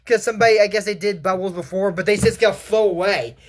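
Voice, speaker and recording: A person casually retelling a cartoon episode, rambling off on tangents and acting out the characters' lines with animated shifts. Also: mid-range voice, quick pace. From United States.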